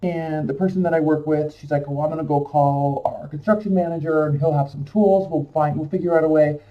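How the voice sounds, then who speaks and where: Man, higher voice, casual emotional storytelling, rambling with fillers; set back from a dull lo-fi mic. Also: fairly even intonation, fairly quick, distant mic.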